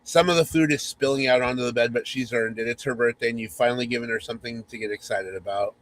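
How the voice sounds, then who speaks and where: Male host reading a spoof romance aloud; mock-sultry, teasing, medium pitch. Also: fairly even intonation, fast talker, fairly bright tone, poor audio. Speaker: podcast host.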